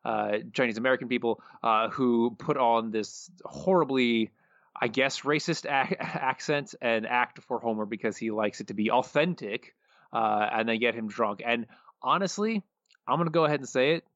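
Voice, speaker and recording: Male podcast co-host, mid-pitched voice, dry and muffled lo-fi sound, steady plot recap full of "uh"s. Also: normal speed, dry recording. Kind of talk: casual chat.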